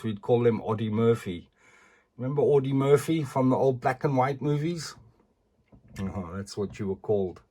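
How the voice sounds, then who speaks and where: A man's voice: mid-range voice, moderate pace. A middle-aged man, chatting casually as he reviews collectible figures and often ends sentences with "eh".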